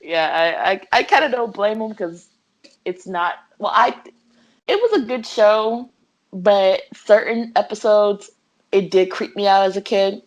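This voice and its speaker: A woman's voice: medium pitch, measured pace. A young adult woman co-hosting a podcast, chatting casually and laughing often as she retells scenes in acted-out voices. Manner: giggly, animated retelling with voiced quotes. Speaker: podcast co-host. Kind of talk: casual chat.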